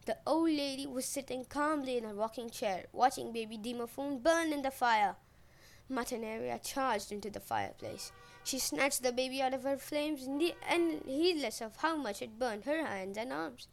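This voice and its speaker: Playful woman telling a myth. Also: fairly high pitch. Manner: playful and wry. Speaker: podcast host and storyteller. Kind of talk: comic retelling of a myth.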